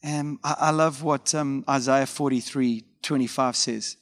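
A man's voice: mid-range voice, steady tone, measured pace, few pauses. A man preaching a conversational sermon as a pastor, telling stories informally with frequent fillers and asides. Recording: long hall reverb.

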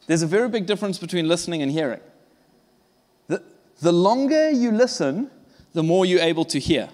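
A man preaches in a high voice, pressing his points hard and sometimes acting out what people say. His delivery stays conversational. The sound carries a long reverb, as in a big hall. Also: expressive, moderate pace, pauses often, darkish tone. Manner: emphatic, conversational preaching with acted-out dialogue. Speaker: pastor. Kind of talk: sermon.

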